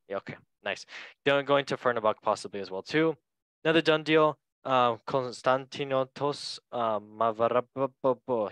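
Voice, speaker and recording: A man's voice: mid-range voice, a bit bright, clean tone, no room sound, poor audio. A man hosting a casual football podcast, chatty and joking, correcting himself as he reads through transfer news. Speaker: podcast host.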